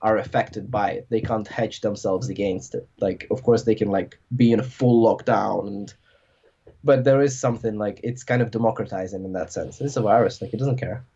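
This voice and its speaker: A man's voice: lowish voice, fairly even intonation, moderate pace, dark tone, slightly rough, muffled recording. A man hosting a podcast in casual conversation, rambling with lots of filler words. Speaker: podcast host.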